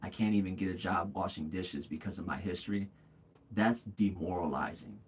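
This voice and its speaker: Very deep husky man chatting casually. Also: moderate pace. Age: 40s. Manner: rambling, frequent fillers and restarts; candid, calls viewers bro and man. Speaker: livestream host. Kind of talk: casual livestream chat.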